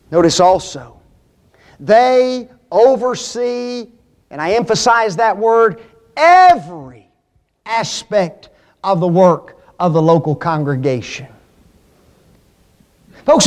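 Man, high voice, sermon, emphatic, repeats key words, asks the congregation questions. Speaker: preacher.

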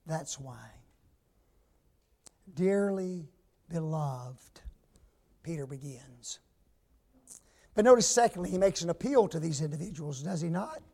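A male preacher giving a sermon. He stresses words loudly, drops to hushed asides and asks the congregation rhetorical questions. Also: a little high, big pitch swings, normal speed, slightly rough. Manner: emphatic, swings from loud stress to hushed asides.

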